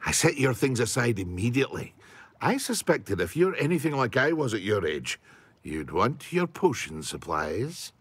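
A man's voice: medium pitch, sing-song, moderate pace, a bit bright, breathy edge, no echo. An actor playing a talkative, enthusiastic male potion shopkeeper in a video game, proud of his craft. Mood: chatty. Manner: talkative, enthusiastic, a bit fussy.

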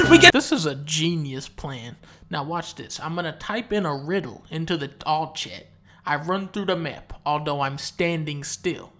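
A man giving comedic gameplay commentary, profane and mocking, dropping to low mutters and then bursting into shouts. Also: lively intonation, a little slow, loud music behind the voice.

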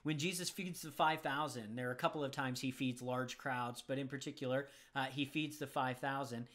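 A man's voice: mid-range voice, steady tone, moderate pace, fairly bright tone. A man teaching as he answers viewer questions about the Bible, conversational and thinking aloud. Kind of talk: casual Bible Q&A.

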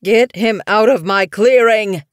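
A deranged old male medicine cat snarls his warnings, as a woman narrator puts him on. The voice growls low and slow, with a dry, close sound. It is storybook acting. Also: fairly even intonation, dry recording. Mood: snarling.

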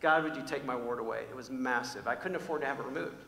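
A man preaching a sermon, telling personal stories in an animated, conversational way with frequent restarts. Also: mid-range voice, fast, vocal fry. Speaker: pastor. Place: large church hall. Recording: echoey church hall with long reverb.

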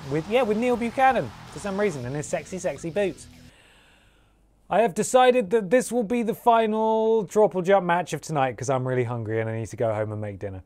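Streamer, jokey fake ringside commentary, slightly high voice, game music faintly under. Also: male voice, lively intonation, fairly quick, a little mellow. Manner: playful, jokey, breaks into humming and sound effects. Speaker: streamer playing a wrestling game. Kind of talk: mock wrestling commentary.

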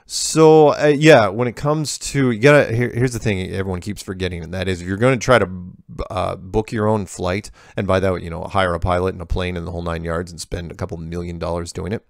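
Male host, deep gravelly voice, dry close sound, reads emails and digresses casually. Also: fairly even intonation, fairly quick, hardly any pauses, dry recording. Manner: digressive, breaks off to comment and correct. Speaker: host answering viewer emails. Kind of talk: casual reading and answering of emails.

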